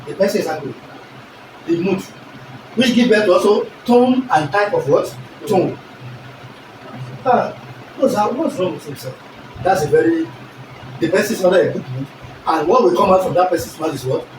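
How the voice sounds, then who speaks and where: A male teacher, giving an animated lesson and constantly checking that the class understands. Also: sits high, noisy background. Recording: echoey room recorded from a distance.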